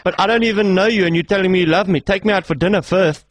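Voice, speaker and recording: A man pranking callers at a radio switchboard, teasing them with quick, mock-innocent comebacks. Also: sits high. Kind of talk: prank phone calls. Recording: noisy radio phone-in recording.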